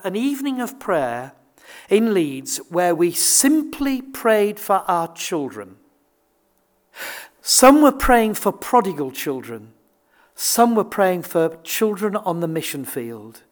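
Older man preaching; earnest, emphatic, stumbles and restarts as he presses his point. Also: high-pitched. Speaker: visiting preacher. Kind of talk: sermon.

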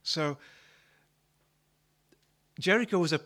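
A man delivers a sermon with a bright, forceful tone and a voice pitched a little above the usual male range. He preaches like he is telling a story, conversational rather than formal. He often repeats a word or two as he restarts a sentence. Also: slow. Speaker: pastor.

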